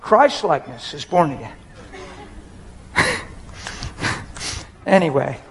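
A man's voice: fairly high pitch, huge pitch swings, slow, gravelly, fairly bright tone, a little hiss or hum, poor audio. A man, a pastor, preaching a personal and emotional sermon in a conversational way, often talking straight to the crowd.

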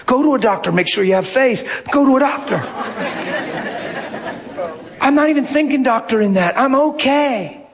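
Animated preacher, high voice, man. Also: moderate pace, pauses often, a crowd in the background. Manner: animated, swings from low murmurs to shouting. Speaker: pastor. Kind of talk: storytelling sermon.

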